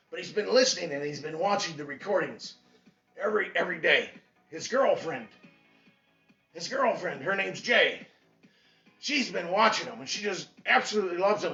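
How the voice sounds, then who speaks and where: A man giving an impassioned motivational pep talk as a fitness instructor, preachy and repetitive, bursting into shouts. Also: high voice, vocal fry. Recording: echoey, distant, dull mic with faint music.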